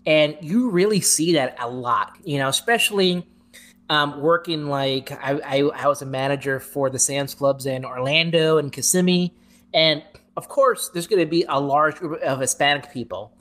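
A woman hosting a casual podcast chat, relaxed and supportive, rambling with restarts as she shares stories. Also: sits low, moderate pace.

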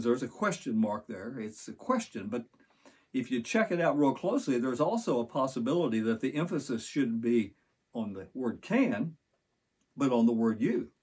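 Husky older man preaching a sermon. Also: mid-range voice, a little mellow. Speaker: pastor.

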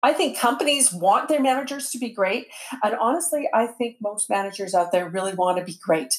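Woman guest on a podcast, mid-pitched, playful and upbeat, talking over a video call. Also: a little fast. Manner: playful and upbeat, laughs easily. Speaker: guest, management coach. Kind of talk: podcast interview. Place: home in Vancouver.

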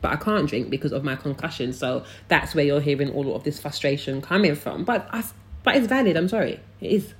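A woman's voice: low-pitched, a little fast. A young woman hosting a podcast, ranting casually and bluntly, swearing freely. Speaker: podcast host. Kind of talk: casual opinion rant.

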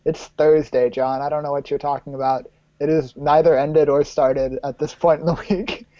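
A teasing man co-hosting a podcast, quick to laugh as he chats casually. His voice is fairly high but mellow, heard through a dull, lo-fi mic with a dry sound. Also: level tone, no room sound. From United States. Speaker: podcast co-host. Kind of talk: casual chat.

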